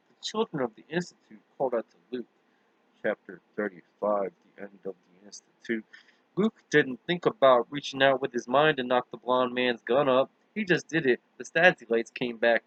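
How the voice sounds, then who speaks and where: A man narrates a thriller in a steady, earnest audiobook reading. His voice sits fairly high and sounds bright and forceful. The recording is dull and lo-fi with no room echo. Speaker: audiobook reader.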